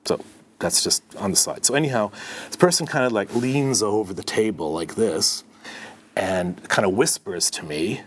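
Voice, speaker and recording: A middle-aged man from Canada, a podcast guest, telling a story in an animated way and acting out the dialogue. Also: lowish voice, moderate pace, a little hiss or hum. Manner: animated, acts out dialogue in his anecdotes. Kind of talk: conversational storytelling.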